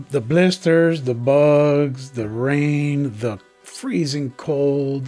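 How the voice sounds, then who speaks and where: A man's voice: medium pitch, warm tone. A young man in a casual comedic vlog, talking outdoors on a trail with joking, rambling, slangy asides. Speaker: backpacking vlogger.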